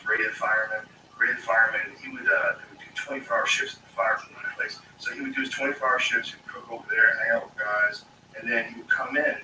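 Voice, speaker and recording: A man's voice: on the low side, fairly even intonation, fairly quick, pushed and bright, reverberant, distant mic, slight background noise, poor audio. A man telling rambling stories in casual, profane talk, with many fillers. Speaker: storyteller. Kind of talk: casual anecdotal storytelling.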